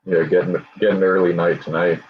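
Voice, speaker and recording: A man hosts a relaxed motorcycle chat in a very deep, husky voice. He is easygoing and fills his pauses with "uh". The recording sounds dull and lo-fi. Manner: easygoing, lots of "uh" fillers. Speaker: podcast host. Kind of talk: casual chat.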